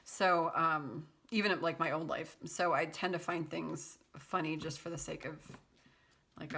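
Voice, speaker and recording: A woman's voice: low-pitched, fairly even intonation, a little slow, creaky, a bit bright, slight background noise. A woman giving a casual tarot reading to her viewers, chatty and laughing easily, with a sarcastic sense of humor and lots of loose fillers. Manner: loose speech with many fillers. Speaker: tarot card reader.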